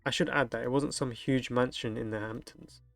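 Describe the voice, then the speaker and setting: Steady and normally paced, a young man's fairly bright, medium-pitched voice carries some vocal fry as he reads online delivery-driver stories aloud. He breaks in with crude, joking reactions, recorded with no room sound and faint background music.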